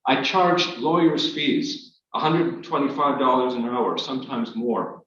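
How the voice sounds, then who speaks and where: A man reading his memoir aloud to an audience, in a measured, wry storytelling manner. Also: mid-range voice, fairly bright tone. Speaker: author reading his work. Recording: echoey hall, distant, dull.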